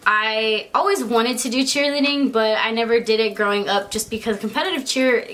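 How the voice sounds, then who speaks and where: A woman's voice: fairly high pitch, normal speed, fairly bright tone. Giggly, chatty young woman vlogger. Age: young adult. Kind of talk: casual chat.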